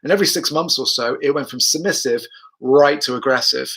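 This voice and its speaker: A man's voice: mid-range voice, fairly quick, fairly bright tone, husky. A man, a dog trainer, talking through his methods and answering viewers' questions on a live stream, chatty, repeating himself and speaking the dog's thoughts aloud.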